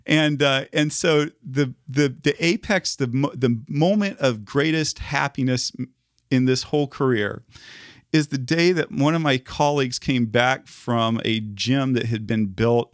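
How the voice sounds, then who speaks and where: A man tells a story on a podcast with plenty of energy, putting on the voices of the people he quotes and breaking into laughter. His voice sits at a middle pitch, and the recording is dry and close. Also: a little slow, clear, resonant tone, no room sound. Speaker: podcast co-host, former news reporter. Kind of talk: casual storytelling chat.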